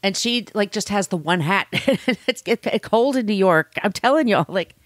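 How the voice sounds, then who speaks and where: A woman in casual conversation, retelling a story with lively acted-out quotes. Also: medium pitch, moderate pace, dry recording. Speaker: co-host discussing a story. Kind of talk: casual chat.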